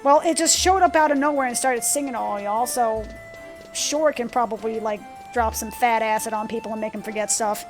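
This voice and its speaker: A woman's voice: a little high, brisk, faint music behind. Irreverent, joking woman gamer. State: tired, sore throat. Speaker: let's play gamer. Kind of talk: casual gameplay commentary.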